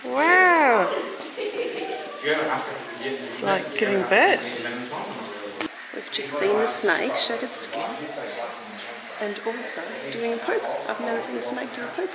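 Filming herself on a handheld camera at a beach and a crowded reptile park, a young woman chats in a casual travel-vlog style, cheerful and quick to laugh, now and then turning to her toddler. She speaks slowly with frequent pauses in an animated, fairly high voice, competing with a noisy crowd on a low-quality recording.

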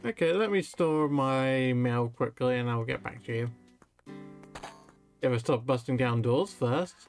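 A man's voice: mid-range voice, measured pace. A man chatting casually over his gameplay into a desk microphone, thinking aloud as he plays, with faint game music. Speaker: let's play gamer.

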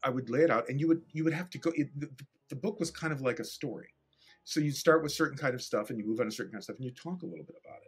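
A man's voice: medium pitch, very fast, slightly rough, faint music behind. A middle-aged man, a guest animator and director, telling an anecdote casually and animatedly, acting out scenes and swearing freely.

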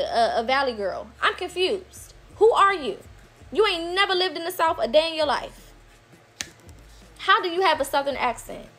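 A woman's voice: high-pitched, a bit bright. A woman giving a blunt, profane direct-to-camera rant, hammering points by repeating them. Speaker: political commentator.

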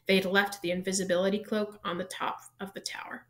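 A woman reading a children's novel aloud, narrating in an even, steady storytelling manner. She keeps the flow plain, now and then catching and fixing a slipped word. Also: medium pitch, a little fast, hardly any pauses. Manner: even storytelling pace, small self-corrections. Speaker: reader.

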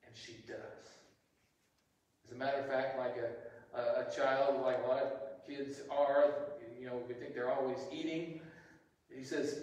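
Pastor preaching in an echoey hall. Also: male voice, mid-range voice, little pitch movement, measured pace, darkish tone. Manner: conversational storytelling with frequent restarts. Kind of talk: sermon. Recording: echoey hall, distant mic.

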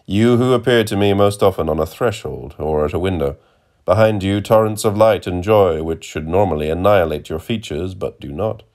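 A man's voice: low-pitched, normal speed, darkish tone. A man voicing an irritable, grandiloquent male traveller with a florid, exasperated way of talking, in a storybook reading. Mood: whimsical.

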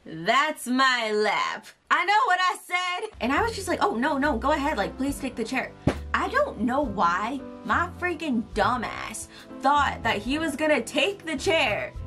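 A young woman YouTuber telling an animated, self-mocking, expletive-laden storytime vlog. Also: sits high, unhurried, faint music behind. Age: young adult.

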